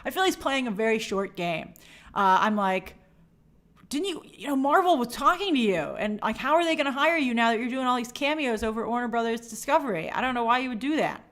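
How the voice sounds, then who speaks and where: Animated, chatty woman livestream host. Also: a little high, fairly quick. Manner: reads viewer comments aloud and answers them chattily; animated, bubbly sign-offs. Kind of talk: casual livestream chat.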